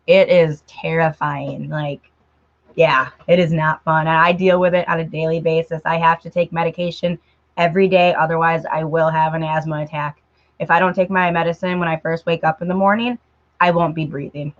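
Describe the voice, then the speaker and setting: A woman's voice: sits low, fairly even intonation, moderate pace, highs cut off. A woman chatting casually on a live stream, often saying "like". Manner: says "like" a lot.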